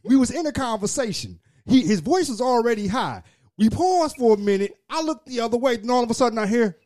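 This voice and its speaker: High voiced guy, talks super fast and swoops around, cussing, keeps interrupting. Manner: excitable, profane, interrupts. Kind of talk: casual banter.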